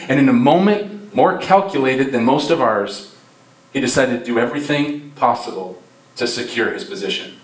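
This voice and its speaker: Preaching passionately at Christmas, this pastor lets his voice rise and fall in volume for emphasis. It is medium-pitched, lively in intonation, a little slow and fairly bright. The sanctuary sounds roomy through a distant mic.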